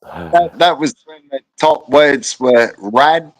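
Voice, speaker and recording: A man's voice: a little high, slow pace, gravelly, no room sound, low-quality recording. An Australian man joking as a guest on a live stream, full of slang and heavy swearing. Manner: crude banter, heavy swearing, Aussie slang. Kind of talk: casual live stream chat.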